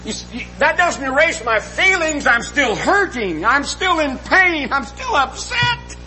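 A man's voice: very high-pitched, big pitch swings, measured pace, pushed and bright, slight background noise, low-quality recording. A middle-aged man preaching a sermon, earnest and folksy, often asking the congregation questions.

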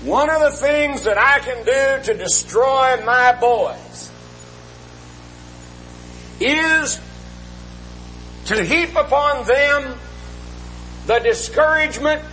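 A man's voice: very high voice, takes it slowly, long pauses, pushed and bright, slight background noise, poor audio. A middle-aged man preaching a sermon, earnest and folksy, often asking the congregation questions.

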